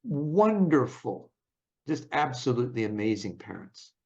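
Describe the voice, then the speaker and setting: A man speaks in an ordinary mid-range voice, telling his own story in a reflective, unhurried way. He often pauses to find the right words. The audio is a little dull and lo-fi. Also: mid-range voice. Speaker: podcast host.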